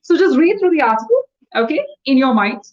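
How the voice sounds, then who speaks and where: Woman, English tutor, fast explanations, video call, muffled sound. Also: high voice, very animated, a little mellow. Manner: fast-talking, explanatory, patient. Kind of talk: one-on-one online English lesson.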